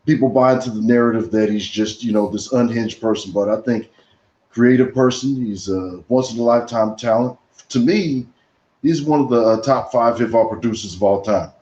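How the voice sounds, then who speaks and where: A man on a casual podcast, calmly laying out his opinions at length. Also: medium pitch, reverberant, lo-fi sound. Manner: measured, opinionated, explains his views at length. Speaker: podcast guest.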